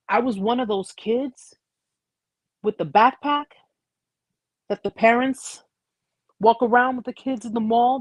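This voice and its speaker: A woman's voice: a little high, no room sound. An American woman hosting a live chat, telling her story in a casual, blunt way with slang and frequent restarts. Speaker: host.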